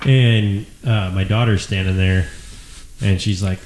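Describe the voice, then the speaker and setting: A man in his thirties co-hosting a casual podcast chat, telling animated stories with lots of laughter. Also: lowish voice, a little slow. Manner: laughing, animated storyteller who does voices. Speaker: podcast co-host. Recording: echoey room with faint noise.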